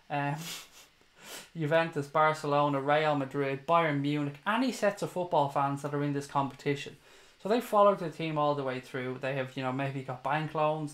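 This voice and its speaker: An Irish man from Dublin hosts a live chat stream for fellow fans, with a voice that sits a little high for a man. He talks directly to his viewers, airs strong opinions and swears freely, mixing banter with heated rants. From Ireland (Dublin). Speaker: fan channel host.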